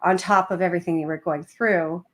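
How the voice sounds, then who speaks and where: Soft-spoken woman host, lowish voice. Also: fairly even intonation, a little fast. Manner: supportive, reflective, gives many short affirmations. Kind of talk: live interview hosting.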